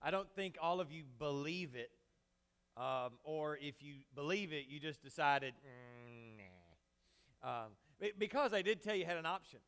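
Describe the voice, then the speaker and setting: Male pastor, conversational sermon, handheld mic; a bright, ringing voice sitting a little high, casual and jokey with the room. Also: normal speed. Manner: casual, joking, talks straight to the congregation. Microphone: handheld microphone.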